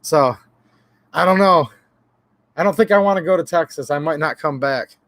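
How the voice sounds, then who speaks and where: A slightly high-voiced man hosts a relaxed livestream, rambling and joking as he greets viewers from chat. The sound is dry and close, with no room echo. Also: normal speed. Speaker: gun channel livestream host. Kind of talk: casual livestream chat reading chat names.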